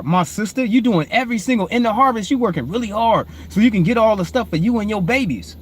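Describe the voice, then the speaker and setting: A man, hosting and preaching informally on proverbs, repeatedly calling listeners "family", swinging between low murmured reading and loud emphatic preaching. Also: lively intonation, fast, few pauses, breathy edge. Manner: repetitive, calls listeners "family". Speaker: host.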